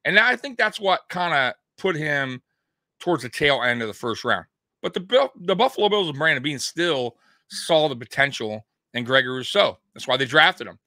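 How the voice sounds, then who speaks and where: A young man hosting a fan sports show, talking casually and ranting in an animated way, swearing now and then. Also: fairly high pitch, normal speed, no echo, clean studio sound. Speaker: sports podcast host.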